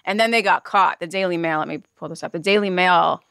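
Woman podcast co-host who explains the news. Smooth, lower voice, recorded close and dry. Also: fast talker, a bit bright, dry recording. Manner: earnest explainer, laughs easily. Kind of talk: casual chat, explaining news.

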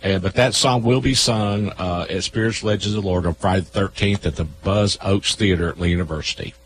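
A man who organizes a local folklore event, telling a ghost tale on radio with many halting pauses. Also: low-pitched, breathy edge, poor audio. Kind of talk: radio storytelling. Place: radio studio.

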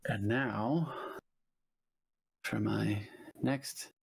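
A man playing a board game, thinking out loud and second-guessing his moves with self-deprecating humor. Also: on the low side, steady tone, extremely slow, gravelly, breathy edge. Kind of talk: casual chat during a game.

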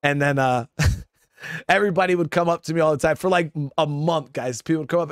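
Ex-marine guy rambling thru a story, swears a lot, kinda high voice, dry sound. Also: brisk, no echo. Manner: profane, rambling, keeps addressing listeners as guys. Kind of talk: casual spoken storytelling.

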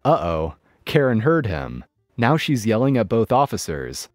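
A man narrating a written story in a steady scripted read. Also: fairly low pitch, unhurried, dry recording, studio quality, faint music behind.

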